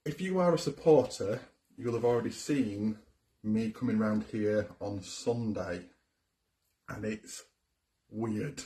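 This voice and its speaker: A man's voice: lowish voice, takes it slowly, mellow. A man co-hosting a ghost hunt livestream, welcoming viewers and explaining the equipment set up in an old cottage. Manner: upbeat presenter, explains the setup, laughs easily. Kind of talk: casual livestream presenting. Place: old abandoned cottage, indoors.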